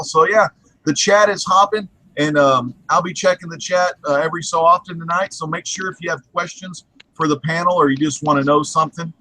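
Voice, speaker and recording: A man co-hosting a casual podcast, giving upbeat shout-outs to viewers in the chat. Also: fairly high pitch, no echo, low-quality recording. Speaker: co-host reading the chat.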